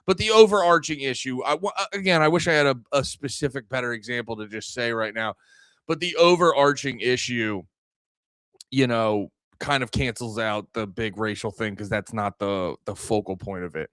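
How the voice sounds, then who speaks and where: Male streamer host, heated profane rant, smooth resonant voice, dry close sound. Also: medium pitch, normal speed, fairly bright tone, no echo. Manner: angry, profane, rambling with frequent restarts. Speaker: livestream podcast host. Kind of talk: ranting livestream talk.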